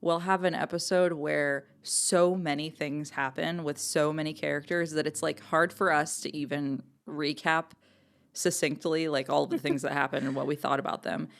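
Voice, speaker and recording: A woman co-hosting a casual podcast, her voice among the lowest for a woman. She is chatty and giggles often, her talk full of fillers. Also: steady tone, moderate pace, gravelly. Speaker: podcast co-host.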